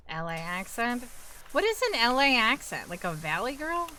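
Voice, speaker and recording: A woman's voice: fairly high pitch, pushed and bright, slight background noise, rough recording. A young woman with a New York accent, chatting casually with her viewers while she plays a game and answers their questions. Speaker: streamer. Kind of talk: casual chat with live chat while gaming.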